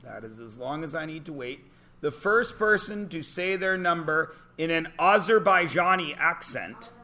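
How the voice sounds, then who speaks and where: A man's voice: fairly high pitch, lively intonation, normal speed, sharp tone, slight background noise. A man teaching math to a class, giving instructions and explaining steps with dry, theatrical jokes. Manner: dry, theatrical joking with students. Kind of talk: classroom lecture.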